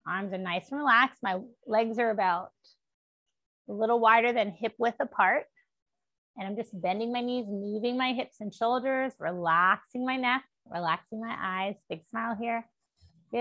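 A woman teaching a gentle stretch class, encouraging and upbeat, leading spoken affirmations. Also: medium pitch, no echo, highs cut off. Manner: upbeat and encouraging, with laughs and cheers.

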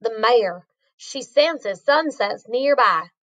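A woman voicing a calm cowboy in a read-aloud storybook, with an easygoing drawl. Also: a little high, takes it slowly. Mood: steady. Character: calm old-west cowboy man.

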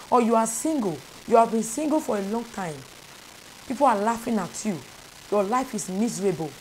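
A woman's voice: medium pitch, mellow, slight background noise, rough recording. A woman spiritual advisor, preaching in an earnest, repetitive, prayerful way. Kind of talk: preaching spiritual instruction to camera.

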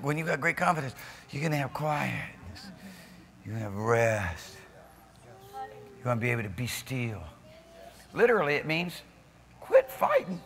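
Male pastor, fervent sermon delivery with quiet-to-shouting swings; bright, high, reverberant church room. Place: church sanctuary.

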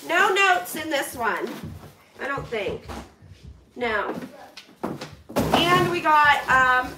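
A high-pitched woman's voice comes through over background noise. She's a US vlogger from Pennsylvania opening donations on camera, chatting to her viewers and gushing with emotional thanks. The room is echoey and the microphone is set back.

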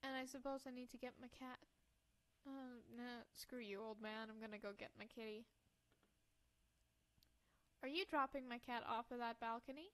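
A woman with a high voice, chatting casually over a game she is playing. Her remarks are wry and blunt. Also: fairly even intonation, normal speed, pauses often. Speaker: let's play gamer. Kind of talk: casual gameplay commentary.

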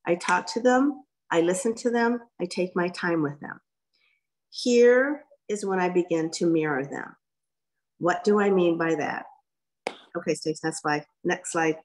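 Lively woman coaching a workshop. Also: on the low side, unhurried. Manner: lively, direct, folksy coaching. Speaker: guest speaker. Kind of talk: workshop presentation.

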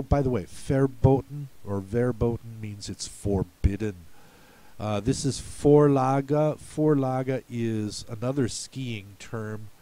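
A man's voice: lowish voice, dark tone. A man from the United States patiently explaining word pronunciations for a spelling lesson, in a folksy, step-by-step way. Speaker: spelling bee coach.

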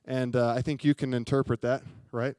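A man's voice: mid-range voice, little pitch movement, brisk, warm tone, clean tone, no echo. A young adult man preaching a sermon, telling a story in a chatty way and often asking the congregation questions. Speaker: pastor. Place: church sanctuary.

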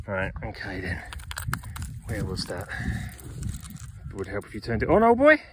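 A man's voice: fairly low pitch, fairly even intonation, unhurried, background noise. A man giving a casual running commentary while metal detecting in a ploughed field, chatting to his finds and to his viewers as friends.

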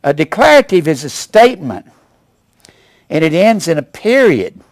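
A man in his seventies preaching a sermon as pastor, with emphatic rises and sudden low asides. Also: very animated, moderate pace, dry recording. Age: 70s. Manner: emphatic preaching, rising to loud punches then dropping low.

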